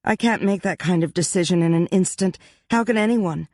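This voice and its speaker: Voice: mid-range voice, a little fast, a little mellow, dry recording, clean studio sound, voice pushed up, close to an everyday voice. A narrator voicing Pippa, a frank young woman who confides her worries in a rueful, anxious way. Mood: tearful.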